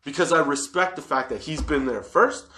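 A man's voice: a little high, normal speed, pushed and bright. A man in his thirties telling a workplace story as a casual monologue, swearing freely and laughing often.

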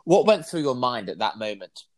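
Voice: mid-range voice, very animated, moderate pace, a little mellow, no echo. A podcast co-host asking the guest direct questions. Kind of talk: interview questions.

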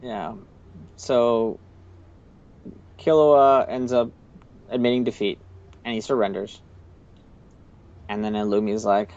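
Low-voiced man rambling through a recap. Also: fairly even intonation, slow pace, pauses often, a little mellow. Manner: rambling, many uh and um fillers. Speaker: podcast host. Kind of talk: casual chat recapping an episode. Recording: slightly muffled, dry recording.

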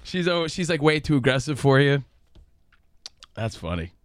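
A man's voice: medium pitch, sing-song, moderate pace, no echo. A man teasing his friend in a joking chat. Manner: teasing, jokey banter. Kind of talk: casual chat.

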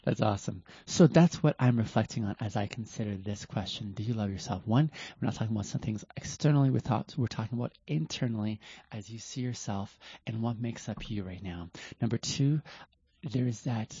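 A man hosting a reflective livestream talk, speaking slowly and earnestly, often pausing and restarting his sentences. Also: on the low side, warm tone, breathy edge, no echo, lo-fi sound. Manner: slow, deliberate, earnest, with many restarts. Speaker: host of a self-reflection talk.

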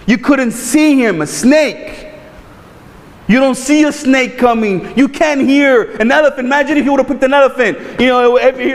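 A man preaching a sermon in a loose, animated, conversational way, repeating words and tossing in playful asides. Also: very high voice, long reverb tail. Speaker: pastor.

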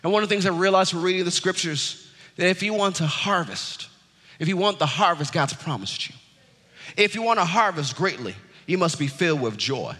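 Male pastor, high bright voice, exuberant, shouts and laughs, preaching in an echoing sanctuary. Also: lively intonation, fairly quick, slightly rough. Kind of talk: sermon. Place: church sanctuary.

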